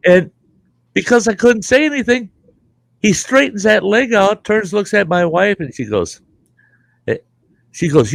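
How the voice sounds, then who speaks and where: With long pauses and a measured pace, this middle-aged host meanders through profane stories on his show, breaking into laughter mid-tale. His voice is high, expressive and creaky, with no echo.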